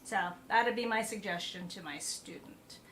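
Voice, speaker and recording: At normal speed and in a mid-range, slightly bright voice, a woman who teaches piano chats her way through practice at home beside the piano. She thinks out loud, full of fillers and side comments, in a roomy space with faint noise behind her.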